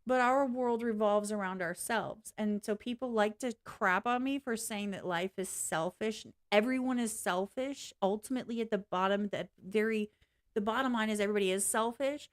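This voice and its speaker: A woman's voice: mid-range voice, normal speed. A woman live streaming to her viewers in a casual, candid rant, blunt and swearing freely, laughing along the way. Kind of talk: casual ranting livestream chat.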